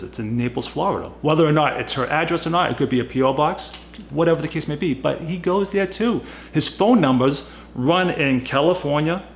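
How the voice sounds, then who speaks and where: A man with a gravelly, fry-edged voice tells an indignant story to his camera, acting out what others said. The room sounds echoey, with a faint hiss of noise behind him. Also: mid-range voice. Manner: indignant, animated retelling with quoted dialogue. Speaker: car hobbyist vlogger. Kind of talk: casual storytelling rant.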